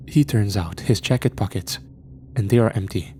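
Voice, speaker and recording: Dark-voiced man narrating a horror story. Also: lowish voice, moderate pace, a little hiss or hum.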